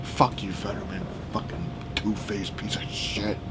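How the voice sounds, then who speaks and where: A man from the United States ranting heatedly about politics, profane and often shouting. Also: fairly low pitch, little pitch movement, unhurried, very noisy. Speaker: political vlogger.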